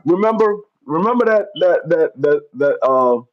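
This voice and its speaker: A man's voice: a little high, lively intonation, normal speed. A man co-hosting a podcast, giving blunt, matter-of-fact opinions in casual chat. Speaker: podcast co-host. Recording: slightly dull lo-fi sound.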